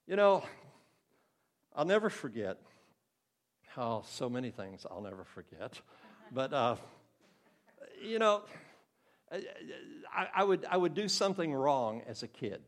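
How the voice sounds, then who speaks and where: A man's voice: mid-range voice, sing-song, unhurried, long pauses. An older man preaching a sermon in an earnest, conversational way, now and then acting out the voices of the people in his stories.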